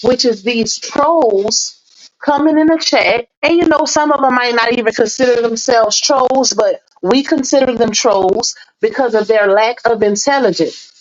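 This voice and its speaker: A woman's voice: a little high, a little slow, dry recording. A woman hosting a casual livestream, greeting viewers by name in a chatty, laughing way, a little under the weather. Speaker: livestream host. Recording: dull lo-fi stream audio.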